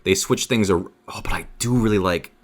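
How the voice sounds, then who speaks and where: A man with a very low, deep voice chats as a podcast guest. He sounds laid-back and relaxed, and he swears casually as he talks. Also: a little fast, husky.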